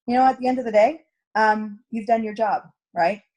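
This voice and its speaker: Husky woman coaching sales. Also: on the high side, steady tone, moderate pace, darkish tone. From Canada. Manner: chatty, storytelling, acts out quoted dialogue. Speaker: direct sales team coach. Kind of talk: sales training talk.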